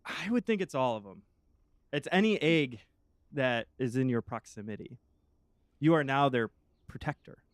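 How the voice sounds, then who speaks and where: A man running a tabletop game in a calm, unhurried way, often pausing on a filler before going on. His voice sits in an everyday middle range and sounds dry and close to the mic. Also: mid-range voice, dry recording. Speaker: game master.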